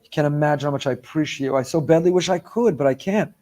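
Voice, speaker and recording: A man's voice: fairly high pitch, fast, mellow, natural voice. A man voicing a grown son who gushes about his love for his father while making excuses. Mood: gushing. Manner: gushing, pleading. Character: doting adult son full of excuses.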